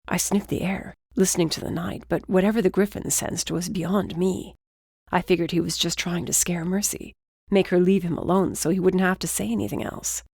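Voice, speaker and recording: Low-voiced woman reading an audiobook. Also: steady tone, moderate pace, vocal fry, a little mellow, husky, dry recording, clean studio sound. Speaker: audiobook narrator. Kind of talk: scripted narration.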